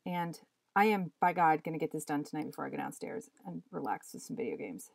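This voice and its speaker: A woman artist at home talking to her stream as she draws, muttering and swearing in frustration at her software. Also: on the low side, animated, fairly quick, vocal fry, no room sound. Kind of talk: casual live-stream commentary. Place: home workspace.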